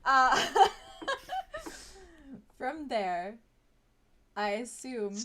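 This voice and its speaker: A woman narrating as game master of a tabletop game, chatty and quick to laugh, with many fillers. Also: fairly high pitch, lively intonation, bright, forceful tone.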